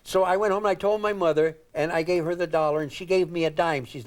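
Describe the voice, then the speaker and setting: A man's voice: a little high, fairly even intonation, fast. An older man from Indiana, a guest comedian, telling rambling anecdotes with chuckles and acted-out quotes. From Indiana, United States. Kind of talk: anecdotal talk-show storytelling.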